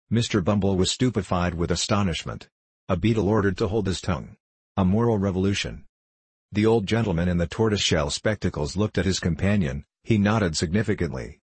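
A man narrating a classic novel as an audiobook, in a measured, even reading. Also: deep voice, breathy edge, dry recording.

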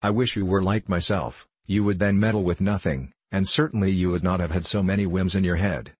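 Reader as a nervous old curate, stammering, husky and low-pitched. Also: male voice, fairly even intonation, brisk, no room sound. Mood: peevish. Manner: stammering, anxious. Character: timid older male village priest, fearful and peevish.

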